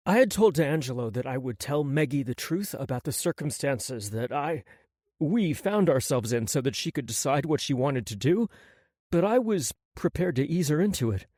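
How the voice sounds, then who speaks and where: A man narrates a first-person novel in an expressive, intimate way. His pitch moves in a lively way. The recording is close and dry. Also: moderate pace, no echo. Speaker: audiobook narrator.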